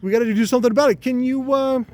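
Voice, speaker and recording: A man voicing a talking testicle, a pushy male New York thug type with a high squeaky put-on voice and a New York accent, who nags his "boss". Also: steady tone, rapid-fire, a little mellow. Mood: nagging. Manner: wheedling, nagging, calls narrator boss.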